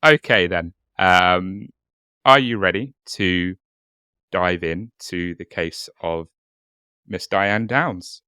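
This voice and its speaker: A man's voice: sits low, slow pace, bright, forceful tone, clean tone, dry recording, clean studio sound. A young man co-hosting a casual podcast, swearing and repeating words as he narrates a case. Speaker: podcast co-host.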